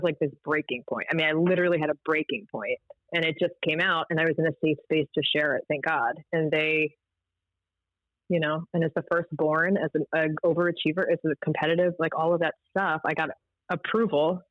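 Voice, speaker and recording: A woman's voice: sits low, no room sound. Chatty woman from Maryland, dry dull audio. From Maryland, USA. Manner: talkative and animated, with frequent restarts and laughter. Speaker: podcast guest. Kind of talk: candid personal storytelling.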